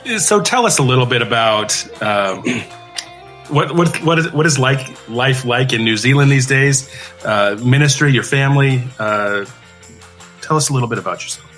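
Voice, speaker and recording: A man hosting a podcast, introducing a guest and asking questions in a halting way with many fillers. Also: mid-range voice, animated, a bit bright, faint music behind. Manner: halting, with many "uh"s and repeated words. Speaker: podcast host.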